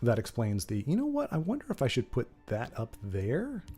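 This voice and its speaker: A man's voice: medium pitch, wildly swooping pitch, moderate pace, warm tone, faint music behind. A man hosting a livestream, talking in a rambling, playful, self-correcting way to his chat. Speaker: streamer host.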